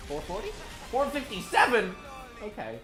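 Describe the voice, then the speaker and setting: A man's voice: sits high, wildly swooping pitch, moderate pace, reverberant. A man giving rambling, joking commentary while live streaming a game, with mild swearing. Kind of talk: casual live gameplay commentary. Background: game music.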